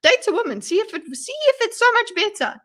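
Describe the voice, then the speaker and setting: A woman streamer reacting live to a video, rambling and excitable, breaking into loud yelps to her chat. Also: very high-pitched, fast talker. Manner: excitable, rambling, bursts into yelling.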